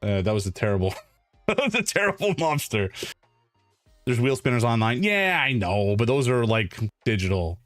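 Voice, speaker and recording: A man's voice: medium pitch, sing-song, moderate pace, fairly bright tone, no echo, faint music behind. A man streaming, chatting casually in a rambling, playful, self-deprecating way. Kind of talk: casual live-stream chat.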